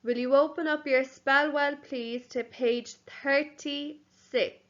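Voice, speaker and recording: Bright slow-spoken woman teacher. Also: high-pitched, fairly even intonation. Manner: slow, clear, sounding out words for young children. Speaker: primary school teacher. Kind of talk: recorded home-learning lesson. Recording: slightly dull, lo-fi audio.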